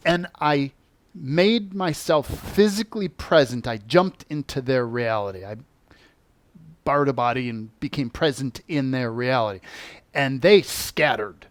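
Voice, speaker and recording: A man who teaches on spiritual topics, telling a personal story in an animated way and acting out the voices he quotes. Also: mid-range voice, measured pace, dry recording.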